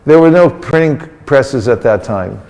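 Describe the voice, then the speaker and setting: A man's voice: mid-range voice, lively intonation, unhurried, gravelly, a little mellow. A man giving an interactive sermon to a group, coaxing the audience into call-and-response answers in a playful, teasing way. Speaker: religious teacher. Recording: long reverb of a large hall.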